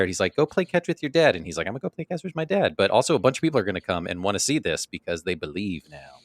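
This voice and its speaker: Jokey low-voiced podcast co-host. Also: male voice, no echo. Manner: jokey, playful, laughs often. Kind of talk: casual chat.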